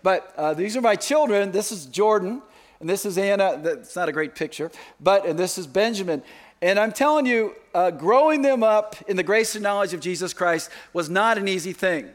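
A man's voice: sits high, expressive, normal speed. A middle-aged man preaching a sermon as pastor in a church, talking conversationally with joking asides. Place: church sanctuary.

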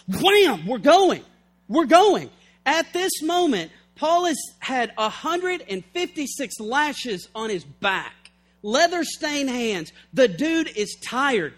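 A man's voice: very high-pitched, fairly bright tone. A man preaching a sermon with fervor, reading scripture and acting out its scenes. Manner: fervent, acts out scripture scenes.

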